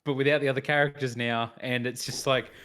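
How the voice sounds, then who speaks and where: Man, podcast co-host, casual and animated storyteller. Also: medium pitch, a little fast, smooth. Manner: animated storytelling, acting out his own reactions. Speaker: podcast co-host reviewing films. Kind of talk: casual chat.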